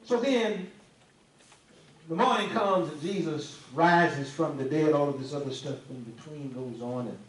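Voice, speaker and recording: A man preaching a sermon to a congregation, folksy and animated, teasing people in the pews. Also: on the high side, unhurried. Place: church sanctuary. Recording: echoey room, mic at a distance, faint ambience.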